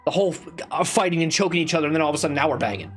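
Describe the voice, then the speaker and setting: A man's voice: on the high side, lively intonation, very fast, soft background music. A man giving a casual spoken game review, rambling and repeating himself with restarts and swearing, and getting exasperated as he complains. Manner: exasperated, rising into loud complaint.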